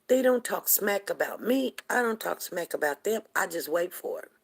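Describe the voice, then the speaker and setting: A woman's voice: medium pitch, lively intonation, moderate pace, creaky, hardly any pauses, slight background noise. A woman hosting a casual livestream, rambling chattily and talking straight to her viewers. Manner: greets viewers from the chat by name. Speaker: livestream host.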